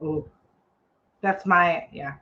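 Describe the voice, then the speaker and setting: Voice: mid-range voice, drawn-out words, pushed and bright. A live-stream host who reacts with short exclamations and laughter. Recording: dull, lo-fi line.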